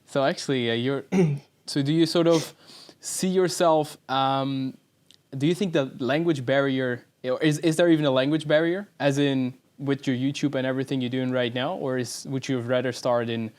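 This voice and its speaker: A man co-hosting a casual podcast interview, asking questions in a halting way with many repeated words. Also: medium pitch, steady tone, darkish tone. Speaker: podcast co-host.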